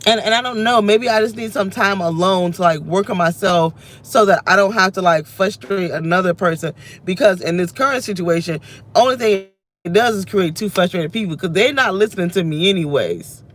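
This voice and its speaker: A thirty-something woman vlogger rants emotionally to the camera while sitting in her car, rambling and turning her thoughts inward. Her voice is mid-range and a little fast.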